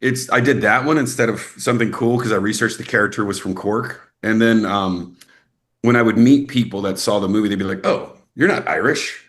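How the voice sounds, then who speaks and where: Casual interview guest: young adult man from Texas, fairly low voice, animated storyteller who jumps up in pitch when acting out quotes. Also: fairly quick. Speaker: actor and guest.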